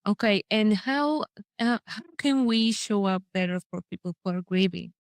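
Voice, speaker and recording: A woman's voice: medium pitch, normal speed, smooth, no echo. A woman hosting an interview, asking questions hesitantly as she searches for words. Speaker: podcast host.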